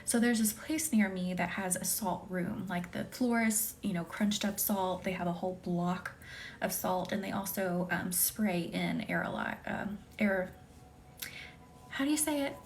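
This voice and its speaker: A woman's voice: mid-range voice, measured pace, slight background noise. Chatty woman whispering on a Reiki stream. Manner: chatty, reads and answers viewer comments by name, drops often into a soft whisper. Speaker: Reiki practitioner hosting a live stream. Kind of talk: casual live-stream chat with viewers. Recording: faint music behind.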